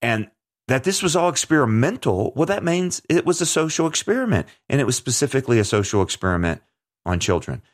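A man's voice: mid-range voice, sing-song, fairly quick. A man hosting a talk show, speaking earnestly and emphatically in conversational commentary, often restarting his sentences.

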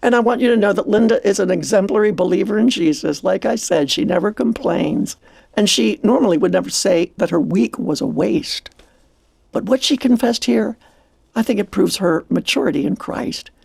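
An earnest man shares a reflective devotional on the radio. His voice is heavily gravelly with a husky edge. The sound is close and dry. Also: sits high, moderate pace, darkish tone, no room sound.

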